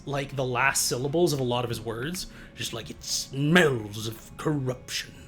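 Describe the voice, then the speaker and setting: A man streaming a game playthrough, rambling casually and reading in-game text aloud. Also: medium pitch. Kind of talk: casual let's play commentary.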